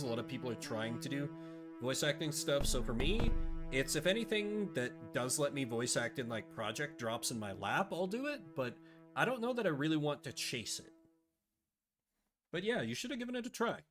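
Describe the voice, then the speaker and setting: A man chatting casually and rambling as he streams a game live. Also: a little high. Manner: chatty, rambling, self-deprecating. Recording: game music behind.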